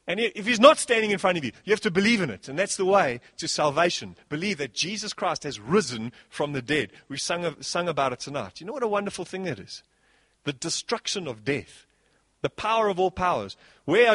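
A man preaching a sermon as pastor, animated, swinging between soft passages and loud bursts. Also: fairly high pitch, breathy edge, no echo.

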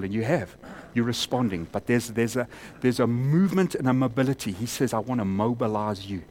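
A man preaching a sermon in a church, climbing to loud emphatic peaks and then dropping to quiet, close appeals. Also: mid-range voice, a little fast, slight background noise.

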